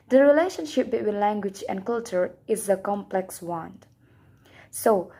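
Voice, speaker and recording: A woman's voice: mid-range voice, darkish tone, slightly rough. Young woman, student presenter, scripted class presentation, careful reading, non-native english speaker. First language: Indonesian.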